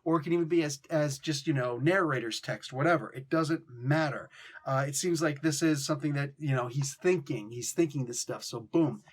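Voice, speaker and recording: Animated, slangy male comic book reviewer. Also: on the high side, normal speed, breathy edge. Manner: animated, slangy, acts out lines in mock voices. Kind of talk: casual video review.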